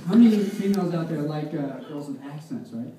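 A man's voice: fairly high pitch, animated, a little fast, mellow. A man doing a loose, rambling amateur stand-up set, chuckling at his own jokes. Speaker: stand-up comedian. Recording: echoey room, far mic, noisy.

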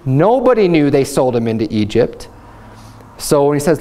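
Chatty pastor with a higher voice. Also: male voice, big pitch swings, moderate pace, darkish tone. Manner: conversational Bible teaching with frequent restarts and "you know". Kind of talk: sermon.

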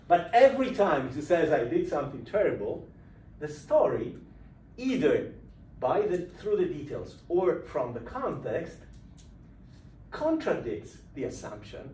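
A man giving a university lecture, explaining lively and putting questions to his students in a lecture room. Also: on the high side, a little slow, far from the mic. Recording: echoey room recorded from afar, faint noise.

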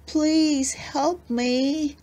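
A woman's voice: high-pitched, fairly even intonation, dark tone, pitched above the performer's own voice. A woman reading aloud, voicing a huge, sad, stranded sea monster in a children's storybook. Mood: pleading. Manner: pleading, weary, drawn-out.

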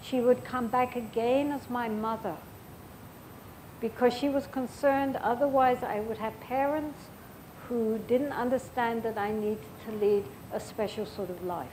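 An older woman giving a Buddhist dharma talk as the teacher, speaking gently and reflectively and telling stories with frequent pauses. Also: a little high, fairly even intonation, slight background noise, poor audio.

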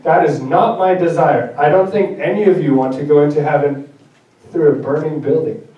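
A German pastor preaches a sermon in a church sanctuary, talking directly and conversationally and poking fun at himself. His voice is fairly high and moderately paced, with the highs cut off. The recording has the echo of a church hall and a distant mic.

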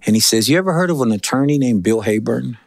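A man's voice: medium pitch, expressive, quick pace, gravelly, no echo, studio quality. Earnest man from Texas telling his testimony. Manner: earnest storyteller, acts out quoted voices. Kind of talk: conversational testimony.

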